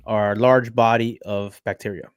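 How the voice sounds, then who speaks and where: A man's voice: lowish voice, flat delivery, moderate pace, clean tone, dry recording, muffled recording. A man co-hosting a podcast, chatting casually and often repeating words as he starts a thought. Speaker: podcast co-host.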